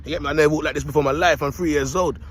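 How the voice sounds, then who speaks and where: A man's voice: fairly high pitch, steady tone, racing, a little hiss or hum, close to an everyday voice. A man voicing the thoughts of his tired, grumpy three-year-old male dog, speaking in a weary, complaining way.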